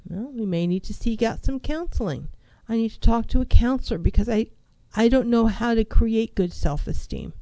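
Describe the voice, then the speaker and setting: A woman counselor speaks in a mellow, warm voice, recorded dry and close. She talks with emphasis, stacking rhetorical questions and repeating her key phrases to drive them home. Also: fairly high pitch, lively intonation, normal speed, hardly any pauses, dry recording, low-quality recording. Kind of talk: motivational talk on mental health.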